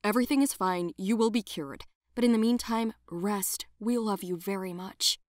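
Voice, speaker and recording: A woman voicing a worried mother gently reassuring her daughter. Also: mid-range voice, moderate pace, no room sound, clean studio sound, natural voice.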